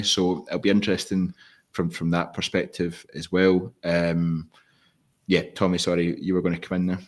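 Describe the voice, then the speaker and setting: Male podcast host, very deep and even, casual football talk with restarts. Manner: steady, leads discussion with restarts.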